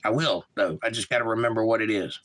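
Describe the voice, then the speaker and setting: A man's voice: on the low side, fast talker, fairly bright tone, a little hiss or hum, poor audio. A man with a Georgia Southern accent hosting a casual livestream, reading viewer comments aloud and answering them in a laid-back way. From Georgia, USA. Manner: laid-back, reads chat messages aloud and replies. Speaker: livestream host.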